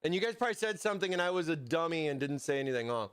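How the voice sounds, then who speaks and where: A high-voiced American man hosts a relaxed live stream. He builds a computer as he talks and keeps stopping mid-thought to answer the chat, his speech loose and conversational. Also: rapid-fire, clear, resonant tone. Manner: chatty, answers chat, self-interrupting. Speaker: livestream host building a PC.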